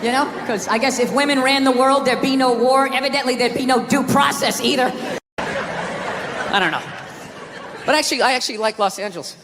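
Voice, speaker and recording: A middle-aged stand-up comedian from the US East Coast, ranting with lots of swearing and shouting his punchlines. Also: extremely high pitch, moderate pace, long pauses, noisy background. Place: large theater stage before a live audience. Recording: live hall recording with crowd laughter.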